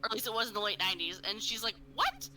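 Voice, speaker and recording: A woman's voice: medium pitch, fairly even intonation, very fast, rough recording. A woman co-hosting a casual podcast, telling a story full of fillers and swearing and acting out what people said. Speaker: podcast co-host. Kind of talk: casual true-crime podcast chat.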